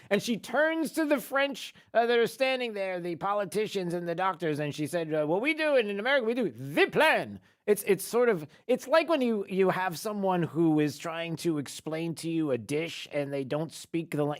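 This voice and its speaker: A man hosting a talk radio show, talking in a sarcastic, animated way. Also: fairly high pitch.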